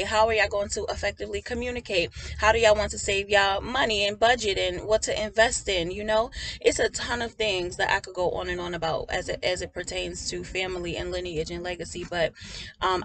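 A raspy woman preaches with casual fervor, as if talking straight to her followers. Her voice has a bright, forward edge, worn a little by tiredness. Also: mid-range voice, a little hiss or hum. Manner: casual, fervent, addresses listeners as family. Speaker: prophetic minister. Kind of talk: preaching to an online audience.

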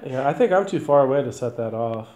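A woman's voice: a bass voice, fast. Chatty woman ghost hunter in an echoey room. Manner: excited, chatty, addresses spirits directly. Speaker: ghost hunting host. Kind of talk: casual paranormal investigation chat. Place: indoor room of an old hotel. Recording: echoey room, faint noise.

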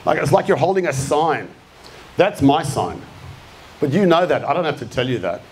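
A man's voice: on the high side, expressive, normal speed. An Australian man in his fifties giving a live motivational talk, blunt and punchy, swearing freely as he rouses the room. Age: 50s. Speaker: speaker. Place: event venue with an audience.

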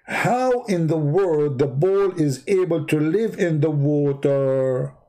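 Sketching on his own channel, this host speaks in a slightly high, warm, animated voice, slow but with hardly any pauses. His commentary is sarcastic, full of rambling tangents and mocking rhetorical questions.

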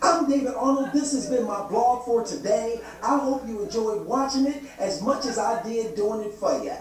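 A man doing a stand-up comedy set, telling stories with lively, loud punchlines. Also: very high voice, moderate pace. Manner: animated storytelling, loud punchlines. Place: comedy club stage. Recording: echoey club with crowd noise. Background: audience laughter.

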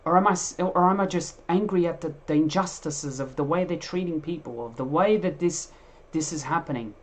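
A man preaching with real fire, his voice swelling loud on key points and then sinking low. He stumbles and restarts as he works through scripture, and the sermon feels spontaneous rather than read. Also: fairly quick. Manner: emphatic, animated preaching with restarts.

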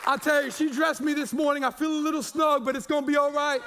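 Man in his forties, very high voice, pastor preaching in a loose, jokey, stumbling way. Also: fairly even intonation, fast talker, pushed and bright, a faint crowd, slight background noise. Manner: chatty and jokey, with many repeated words and fillers. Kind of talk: sermon.

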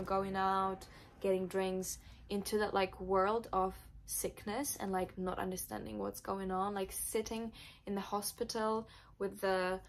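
A woman's voice: mid-range voice, gravelly. A young woman, not a native English speaker, telling an emotional personal story in her vlog, with many filler words. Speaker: vlogger.

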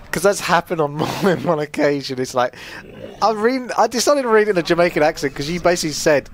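A young man giving casual, joking gameplay commentary, chatty and quick to laugh. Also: a little high, animated, a little hiss or hum. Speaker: gaming commentator.

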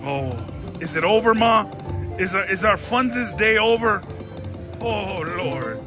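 A man giving excited running commentary on his slot machine spins, often exclaiming and speaking straight to his viewers. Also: sits high, slow pace. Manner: exclamatory, keeps saying "oh, Lord" and "everybody". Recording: casino with slot machine music behind. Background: slot machine music.

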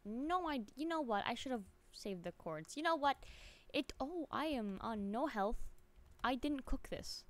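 A woman livestreaming a game, chatting with viewers in an excitable way and often laughing at herself. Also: high voice, a little slow. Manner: chats to viewers while playing. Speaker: streamer. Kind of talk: live game stream chat.

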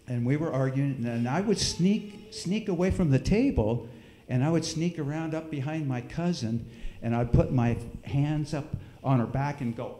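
A man's voice: mid-range voice, a little hiss or hum. Man telling a story in an echoey church. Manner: folksy, animated storytelling with sound effects. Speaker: speaker at a church service. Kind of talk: storytelling in a sermon. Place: church hall.

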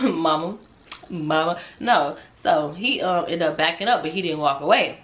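A young woman telling a personal storytime on her channel in a casual, animated way, laughing, swearing freely and talking straight to her viewers. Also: lowish voice, moderate pace. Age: young adult. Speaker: storytime vlogger.

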